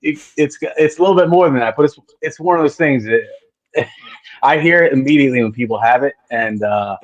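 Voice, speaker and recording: Excitable Delco-accented band guy. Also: medium pitch, a little fast, highs cut off. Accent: Delaware County, Pennsylvania. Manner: profane, excitable, says dude. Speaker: rock band member. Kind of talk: casual chat.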